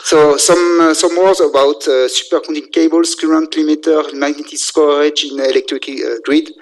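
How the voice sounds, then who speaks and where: A man giving a technical engineering lecture, speaking haltingly with many filler sounds and restarts. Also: a little high, fairly even intonation, poor audio. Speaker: university lecturer in electrical engineering.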